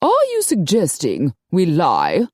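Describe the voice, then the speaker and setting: A woman's voice: deep voice, wildly swooping pitch, slow pace, darkish tone, no room sound, clean studio sound, heavily acted. Brief: imperious old-world princess, cool and lofty, voiced by a woman. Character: haughty princess, regal and commanding.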